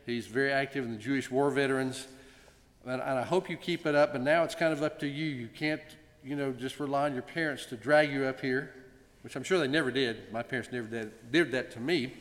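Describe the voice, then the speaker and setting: Joking congregation president in echoing sanctuary. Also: male voice, medium pitch. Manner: warm, gently joking, with frequent pauses. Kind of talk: ceremonial presentation speech. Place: synagogue sanctuary. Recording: long reverb in a large sanctuary.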